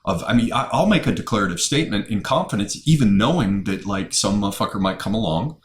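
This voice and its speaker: A man with a Southern US accent rants on a podcast, swearing freely as his outrage builds. His voice sits low, and the room around him carries a noticeable echo. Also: lively intonation, fast. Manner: profane, heated ranting. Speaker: host. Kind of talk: casual ranting podcast talk. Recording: echoey room.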